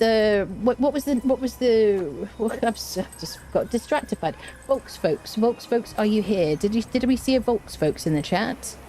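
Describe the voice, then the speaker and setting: A woman's voice: fairly high pitch, a little mellow, a little hiss or hum. A young woman, chatting playfully and laughing often as she live-streams a game. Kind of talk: casual live-stream chat while gaming.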